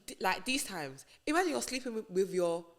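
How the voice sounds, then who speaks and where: A young woman, a radio presenter chatting as a podcast guest and telling stories in an animated, slangy way. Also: mid-range voice, a little fast. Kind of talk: casual podcast chat.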